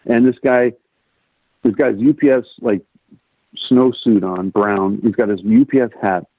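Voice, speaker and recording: A man, a guest on a podcast, telling a personal story in an animated way. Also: medium pitch, dry recording. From Rockford, Illinois, US. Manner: animated storyteller, acts out quoted lines in a raised voice. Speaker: guest, music producer. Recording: tinny phone-like line, dry.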